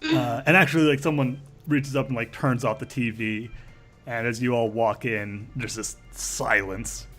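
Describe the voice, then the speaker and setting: A man's voice: medium pitch, fairly even intonation, moderate pace, fairly bright tone. Man, game master, tabletop role-play narration, rambling, filler-heavy, faint background music.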